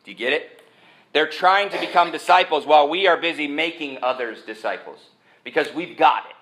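A man preaching a sermon, animated and joking, who jumps from point to point. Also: on the high side, a little fast. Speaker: pastor. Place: church sanctuary. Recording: echoey church sanctuary.

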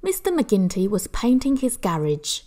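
A woman reading a children's picture book aloud with expressive storytelling. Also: mid-range voice. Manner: slow, expressive, hushed at the end. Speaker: storybook reader.

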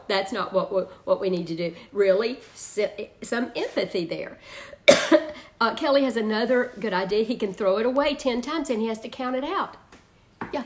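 A woman teaching an online parenting class, chatty, laughing often and reading out viewers' comments. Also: mid-range voice.

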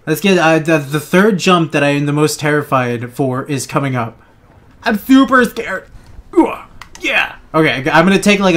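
A young man rambles through let's play commentary, joking, swearing and laughing at his own lines. His voice sits a little higher than most men's. The talk is loose and casual, addressed to viewers. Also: a bit bright. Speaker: gaming channel host.

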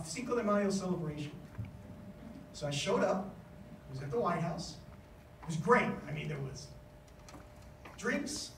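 A man giving a conference speech as an education official, telling stories in a lively way and acting out the voices he quotes. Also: high voice, reverberant, recorded from a distance, slight background noise, poor audio. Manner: animated storytelling, acts out quoted voices. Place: conference hall.

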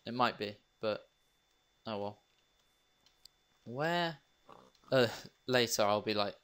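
A man's voice: lowish voice, expressive, takes it slowly, long pauses, fairly bright tone, clean tone. Rambling young man gaming. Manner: rambling, self-mocking asides. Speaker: let's play gamer. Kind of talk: casual gameplay commentary.

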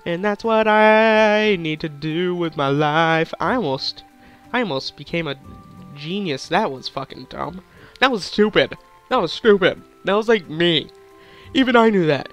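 A man's voice: high voice, animated, a little slow, a bit bright, soft background music. A young man with a sore throat giving hyper, giggly, crude gameplay commentary, rambling on. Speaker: gaming YouTuber.

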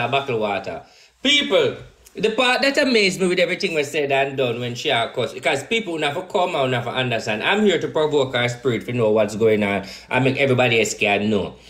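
A Jamaican man hosting an interview, soothing his guest and telling her to calm down. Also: mid-range voice, fast talker. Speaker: host. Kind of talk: interview talk.

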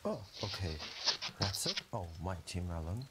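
Grandiose melon-obsessed collector. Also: male voice, deep voice, sing-song, a little slow, heavy background noise. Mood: pompous. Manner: self-important and grandiose. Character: pompous adult man, obsessed melon collector.

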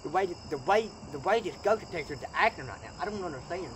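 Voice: medium pitch, lively intonation, quick pace, background noise. Nervous ghost-hunting vlogger, night shoot outdoors, crickets faint behind, voice jumps up and down. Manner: nervous, repeats phrases, addresses viewers as guys. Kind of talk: casual vlog narration. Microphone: camera on a tripod.

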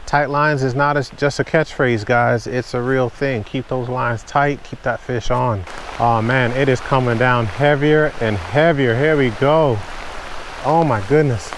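A man filming his own fishing trip from a kayak in pouring rain, chatting casually to viewers and getting excited whenever a fish bites. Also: medium pitch, measured pace, a little hiss or hum. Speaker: fishing vlogger. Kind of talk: casual on-the-water commentary. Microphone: camera mounted on the kayak.

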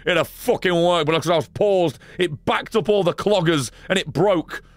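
A man's voice: high-pitched, moderate pace, no echo. A man streaming a game live, ranting at his chat in a profane, exasperated way. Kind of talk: live gameplay stream commentary.

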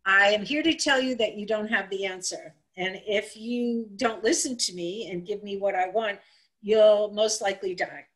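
A woman storyteller voicing a bold, cheerful hag lady who speaks bluntly and demands her way, her voice sometimes lifting high. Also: normal speed, a bit bright, natural voice, poor audio. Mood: demanding.

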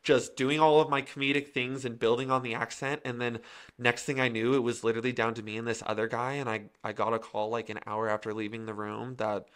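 Bright-voiced joking male actor. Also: mid-range voice, clean tone. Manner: quick, joking, animated storyteller. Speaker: guest actor. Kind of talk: casual interview storytelling.

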